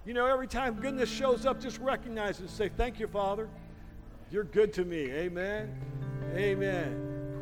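Male pastor, high voice, preaching in a church hall with a long echo and soft guitar underneath. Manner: storytelling with laughs, rising to loud prayer. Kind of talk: sermon. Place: church sanctuary.

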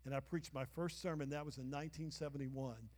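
A man in his sixties preaching a sermon as pastor, calling out to the congregation for responses and breaking into shouts. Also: on the high side, fairly even intonation, a little fast. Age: 60s. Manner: call-and-response, bursts of shouting. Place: church sanctuary. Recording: long reverb of a church hall.

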